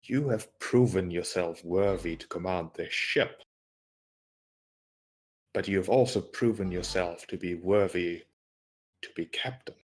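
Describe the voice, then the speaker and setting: A man voicing the ghost of a stern, formal ship captain in a tabletop game, speaking slowly and solemnly. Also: low voice, a little mellow, voice pushed down, low-quality recording.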